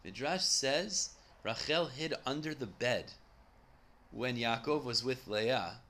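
A man's voice: medium pitch, takes it slowly, fairly bright tone, a little hiss or hum. A man teaching a Talmud study lesson, who reads each line aloud and then explains it in English.

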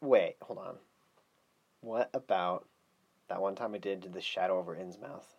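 A man's voice: low voice, moderate pace, gravelly, breathy edge, dull audio. A man co-hosting a podcast, chatting casually in a rambling way and swearing often. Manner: rambling and animated, swears a lot. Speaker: podcast co-host.

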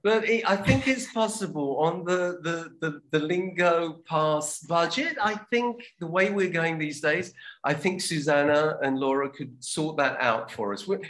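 A man's voice: fairly high pitch, measured pace, a bit bright. A man with a slightly raised voice hosts a language-learning show. He talks in a loose, chatty way. He often restarts his sentences and slips in plugs for the show. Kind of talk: casual chat.

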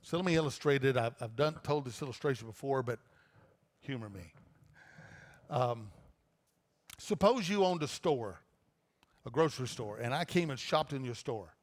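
A man's voice: mid-range voice, lively intonation, normal speed, long pauses. A man preaching a sermon as pastor, talking in a loose, conversational way with frequent restarts. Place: church auditorium. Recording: long reverb of a church auditorium.

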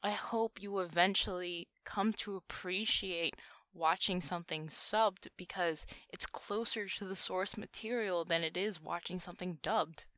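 A young woman chats casually as a podcast co-host, often breaking into laughter. Her voice is bright and fairly low-pitched. The recording is dry and close. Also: measured pace, no room sound. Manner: chatty, laughs often, animated. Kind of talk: casual chat.

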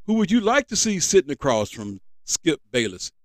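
A man's voice: fairly high pitch, very animated, moderate pace, no room sound. Man hosting a dry sports podcast. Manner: reads news aloud with casual asides. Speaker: podcast host. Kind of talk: sports news commentary.

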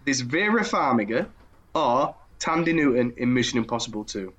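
Male podcast co-host, mid-pitched voice, hesitant and rambling. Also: lively intonation, moderate pace, fairly bright tone. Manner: hesitant, stumbles and repeats himself. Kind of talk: casual podcast chat.

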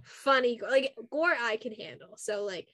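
A woman's voice: a little high, lively intonation, normal speed, bright, forceful tone. A woman co-hosting a casual podcast, enthusiastic and rambling. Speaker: podcast co-host. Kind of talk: casual group chat.

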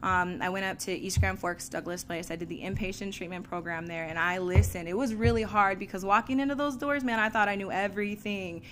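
A woman giving a candid, animated personal testimony to an audience, laughing often and using casual fillers. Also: mid-range voice, fairly quick, few pauses, a little hiss or hum. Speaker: speaker sharing a recovery story.

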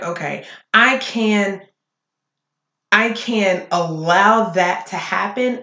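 A woman's voice: mid-range voice, fairly bright tone. Blunt, profane woman ranting. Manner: blunt and profane, talking fast and heated. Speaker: podcast host. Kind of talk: solo podcast rant. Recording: echoey room.

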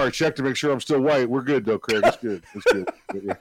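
A man co-hosting a podcast, reading sponsor spots in a relaxed, offhand, joking way. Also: medium pitch, a little fast, breathy edge. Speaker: podcast co-host. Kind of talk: casual podcast chat and sponsor reads.

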